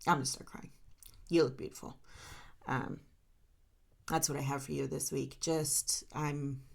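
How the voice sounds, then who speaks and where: A woman's voice: low voice, flat delivery, unhurried, vocal fry. A woman doing a solo tarot reading, talking straight to her viewers in an emotional, encouraging way. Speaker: tarot reader.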